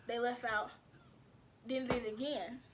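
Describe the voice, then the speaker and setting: A woman vlogger with a slightly high voice chats straight to her viewers, slangy and loose, calling them y'all. A faint hiss sits under her talk. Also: steady tone, measured pace. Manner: chatty, addresses viewers as y'all, slangy and laughing. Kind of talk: casual storytelling to viewers.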